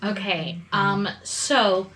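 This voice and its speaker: A woman's voice: medium pitch, very slow. A woman playing a tabletop game, talking casually and working out her numbers aloud with hesitation. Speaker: player. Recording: noisy background.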